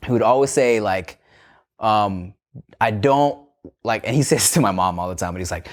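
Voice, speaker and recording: A man's voice: low voice, quick pace. Laid-back man hosting a podcast. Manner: laid-back, fillers like "you know what I'm saying". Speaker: podcast host. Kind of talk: casual podcast chat.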